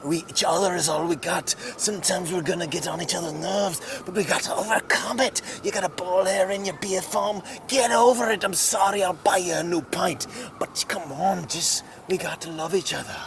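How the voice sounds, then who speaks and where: A man's voice: fairly high pitch, lively intonation, normal speed, voice pushed up. A man voicing a crude, boozy male desert dog who rambles and apologizes a lot, recorded outdoors in a park. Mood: earnest. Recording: outdoor noise with passing traffic.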